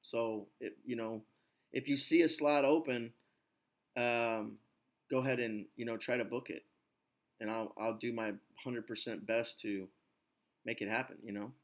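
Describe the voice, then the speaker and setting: A male English teacher on a video call, slightly sick and now and then clearing his throat. His voice sits at an ordinary pitch. He coaches in a relaxed, rambling way, leaning on "you know" as he explains. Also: unhurried, pauses often. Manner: chatty, coaching, many "you know" fillers. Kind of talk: online English lesson.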